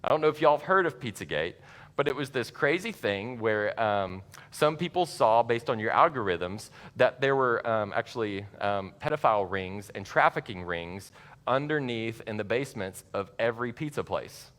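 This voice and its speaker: A man gives a conversational church seminar talk to parents, lively and chatty with asides. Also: mid-range voice, moderate pace. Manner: conversational, animated, laughs at his own asides. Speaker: church speaker teaching parents. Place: church sanctuary. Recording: long reverb of a large church hall.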